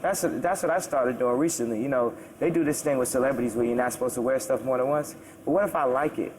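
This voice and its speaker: A man's voice: medium pitch, fast talker, darkish tone, poor audio. A man in an interview talks loosely and casually, circling back and restarting his sentences. His voice sits mid-range, with a faint hiss in the background. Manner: loose, rambling, with many restarts and asides.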